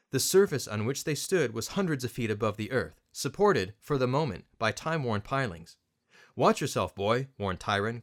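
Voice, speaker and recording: A man reads a story aloud as an audiobook narrator, with a mid-pitched voice. His reading is expressive and animated, with a wide, lively melody. The narration is steady and scripted.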